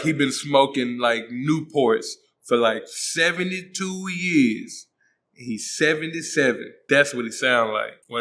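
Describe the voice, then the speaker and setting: A man's voice: medium pitch, sharp tone. A man hosting a comedic movie recap, joking in slang and acting out the characters' voices. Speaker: host.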